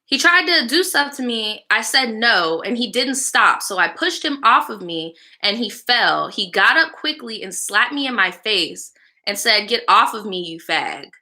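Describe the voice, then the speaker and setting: A woman reads a viewer's story on her live show in a fairly high, bright voice with lively intonation and a forceful tone, speaking a little slowly. Afterward she offers blunt, casual, slang-heavy advice full of swearing, bantering with live viewers between lines.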